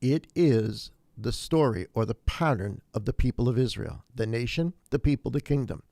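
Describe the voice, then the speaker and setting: A man preaching a sermon as pastor, animated, rising to emphatic peaks and often restarting his phrases. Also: medium pitch, normal speed, dry recording, clean studio sound.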